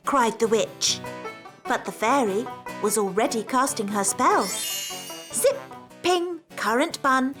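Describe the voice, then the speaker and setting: An actress voicing a fairy queen mother telling her children a story in a cartoon, acting out the parts and speaking slowly. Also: sits high, fairly bright tone, exaggerated voice.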